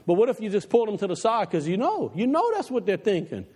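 A man preaching a passionate sermon to his church, dropping low and quiet for the advice he quotes, then climbing again. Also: huge pitch swings, fast, slightly rough, long reverb tail. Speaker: pastor. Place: church sanctuary.

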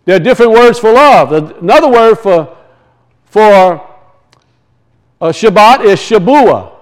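A bible teacher gives a teaching sermon to a congregation, posing questions, answering them himself and repeating the key points. His voice is high and expressive, a little slow.

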